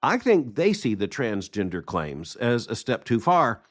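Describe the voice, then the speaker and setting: A middle-aged man delivering daily news commentary at a steady, average pitch. He talks in a measured, deliberate way and leans hard on key points. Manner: measured, emphatic, reads quotes aloud. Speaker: podcast host.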